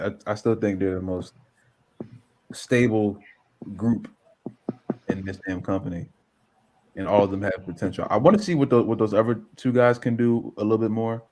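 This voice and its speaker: A man co-hosting a casual wrestling podcast, talking in an animated, swearing manner. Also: on the low side, moderate pace, pauses often. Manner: animated, swearing, laughing banter. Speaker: podcast co-host. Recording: faint background noise.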